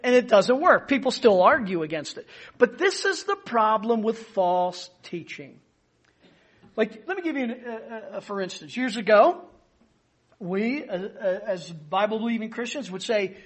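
Guy preaching a sermon, really high voice, super lively pitch, punches the big words. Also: moderate pace. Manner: emphatic, animated teaching with stressed key words. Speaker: pastor.

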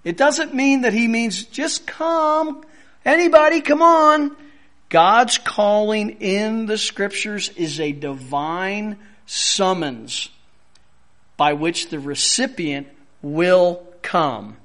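Man, pastor, sermon, unhurried delivery, emphatic, repeats phrases for stress. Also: high-pitched, a bit bright.

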